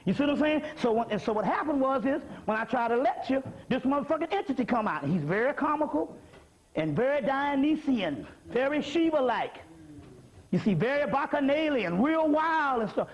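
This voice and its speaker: A man lectures in a profane, joking, streetwise preaching style. His voice sits very high. The recording is dull and lo-fi. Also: expressive, moderate pace. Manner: profane, streetwise, comic preaching with repeated asides. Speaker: lecturer on spirituality. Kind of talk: lecture to a live audience.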